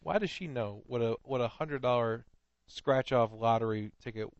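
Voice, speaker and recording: A man's voice: medium pitch, moderate pace, dry recording, highs cut off. Laughing man co-hosting a comedy podcast. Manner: laughs often, excitable. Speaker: podcast co-host. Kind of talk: casual comedic chat.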